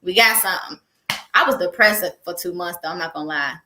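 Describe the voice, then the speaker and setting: A young woman, a guest, chatting in an interview with an animated storytelling manner. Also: lowish voice, brisk, reverberant. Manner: animated storyteller, laughs often. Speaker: guest, entrepreneur. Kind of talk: casual interview chat.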